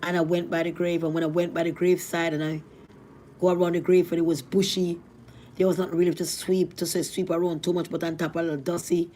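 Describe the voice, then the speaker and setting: A middle-aged woman from Jamaica with a Jamaican accent, telling her life story in a rambling, animated way. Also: quick pace, a little hiss or hum. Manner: rambling, animated, rising to cries at high points. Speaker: vlogger. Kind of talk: emotional storytelling.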